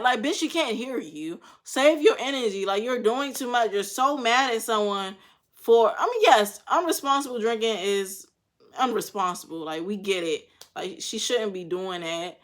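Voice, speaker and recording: A woman's voice: fairly high pitch, moderate pace, fairly bright tone. A young woman talks through a reality show episode in loose, slang-filled commentary. She is blunt and swears freely, reacting with frank opinions. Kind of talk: casual commentary.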